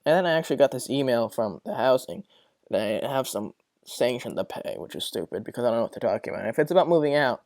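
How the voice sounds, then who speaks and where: A man's voice: mid-range voice, lively intonation, quick pace, darkish tone, dry recording. A young man hosting his own podcast, venting in a rambling, profane, exasperated way about his dorm roommates. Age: young adult. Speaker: podcast host. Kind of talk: casual solo podcast rant.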